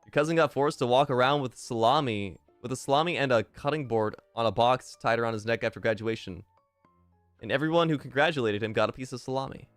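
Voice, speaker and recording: A young man streaming and casually chatting while reading fan messages, swearing often and jumping into loud outbursts. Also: mid-range voice, fast talker, clean tone, dry recording, faint music behind. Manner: excitable, swears a lot, swings to loud outbursts.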